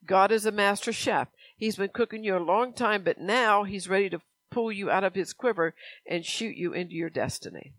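A woman's voice: medium pitch, moderate pace, a bit bright, no echo, rough recording. A woman preacher delivering a conversational sermon, reading scripture and telling personal stories.

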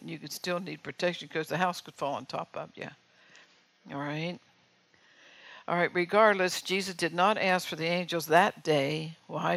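An older woman giving a sermon with a gravelly, flat voice. She keeps it conversational and keeps checking that her listeners are with her. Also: low voice, low-quality recording. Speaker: preacher.

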